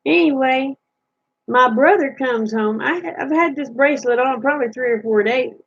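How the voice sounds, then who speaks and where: A woman's voice: sits high, normal speed, slightly rough, muffled recording. A woman vlogger telling funny stories from her childhood in a folksy, chatty way. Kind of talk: casual storytelling.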